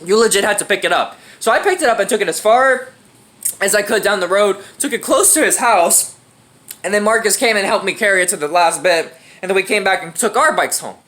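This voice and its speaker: A man's voice: high voice, brisk, sharp tone. A young man telling a funny story in a casual, slangy, profane way, often laughing. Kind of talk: casual anecdote.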